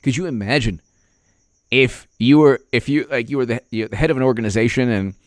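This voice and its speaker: A male political commentator who rambles and jabs sarcastically, often breaking off and restarting. His pitch swings a lot, at a middling level. The sound is dry and close. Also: lively intonation, fairly quick, dry recording.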